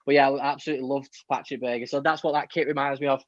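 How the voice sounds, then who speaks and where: Male co-host, fast and chatty, dull dry recording. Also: medium pitch, flat delivery, no room sound. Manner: fast, chatty, many fillers. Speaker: podcast co-host. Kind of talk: casual chat.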